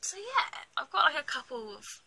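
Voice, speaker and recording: A young woman with a British accent talks straight to the camera in a casual vlog. Her voice is very bright and sits a little high, and she rants bluntly with plenty of laughs. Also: very animated, normal speed, gravelly, poor audio. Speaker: vlogger. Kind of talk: casual pregnancy vlog chat.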